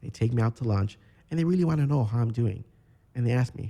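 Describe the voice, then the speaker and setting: A man from Chicago, a podcast guest, telling his own story in a candid, reflective way with halting restarts. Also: medium pitch, creaky, dark tone. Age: 30s. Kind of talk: personal storytelling interview.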